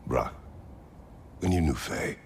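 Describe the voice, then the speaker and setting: A man voicing a stern, terse male warrior god in a video game, speaking curtly and solemnly in a gravelly voice. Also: very deep voice, expressive, slow, a little mellow, soft background music, heavily acted. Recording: game audio with ambient noise.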